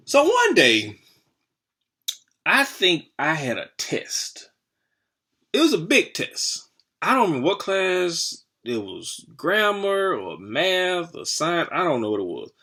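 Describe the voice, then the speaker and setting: A man's voice: on the high side, slow. A man in his forties telling a comic story from his childhood, rambling and heavy on the swearing. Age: 40s. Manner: profane, rambling, animated.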